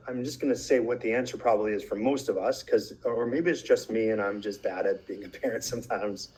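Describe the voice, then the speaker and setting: Animated man presenting a parenting webinar. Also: medium pitch, poor audio. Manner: animated storytelling with acted quotes and many restarts.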